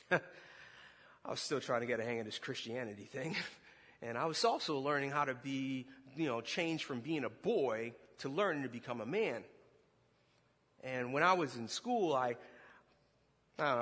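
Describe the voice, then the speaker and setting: A middle-aged man preaching a sermon, telling a story with laughter and swinging between loud bursts and hushed moments. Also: a little high, breathy edge, long reverb tail. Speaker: pastor.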